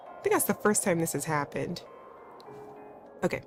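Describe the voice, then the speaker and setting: A woman's voice: lowish voice, huge pitch swings, normal speed. A woman streamer chatting casually while playing, often laughing and poking fun at herself. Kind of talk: casual let's-play commentary. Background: faint background music.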